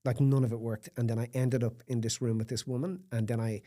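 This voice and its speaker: A man's voice: medium pitch, level tone, fast talker, dark tone. A middle-aged man, a podcast guest telling a candid personal story, emphatic and raw, with blunt swearing.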